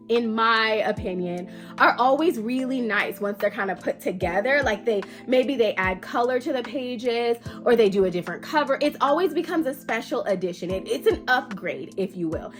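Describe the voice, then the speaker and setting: A high-pitched woman with a fairly bright tone talks casually to camera as a book vlogger. Her voice is stuffy and nasal from allergies, and she chats playfully with her viewers about her book collection, dropping the odd swear word.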